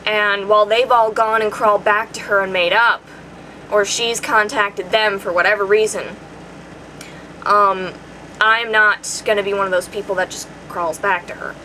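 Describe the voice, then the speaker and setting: A young woman talks to her camera in an earnest, emotional way, her voice growing quieter as she nears tears. Her tone is bright and forward, and a faint hum of noise sits behind her. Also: mid-range voice, steady tone, moderate pace, rough recording. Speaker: vlogger answering viewer questions. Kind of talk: personal vlog.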